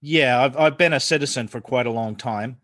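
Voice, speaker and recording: A man in his forties from the United States with an American accent softened by New Zealand, chatting casually as a podcast guest and laughing often. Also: medium pitch, a little fast, no echo, studio quality. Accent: American with New Zealand influence. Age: 40s. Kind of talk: casual chat.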